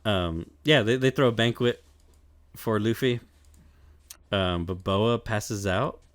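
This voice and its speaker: A man's voice: on the low side, slow, no room sound. Laid-back, profane man recapping. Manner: loose and profane, laughs often, many fillers. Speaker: podcast co-host. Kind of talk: casual chat, recapping an anime.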